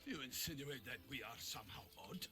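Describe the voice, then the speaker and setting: An actor playing a proud, formal knight envoy in a video game, with a put-on French-sounding accent and courtly, earnest speech. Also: male voice, medium pitch, expressive, fairly quick, over music, natural voice.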